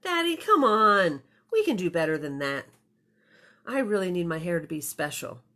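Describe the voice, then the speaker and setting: A woman playing an excited little girl. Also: fairly low pitch, a little fast, close to an everyday voice. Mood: pleading.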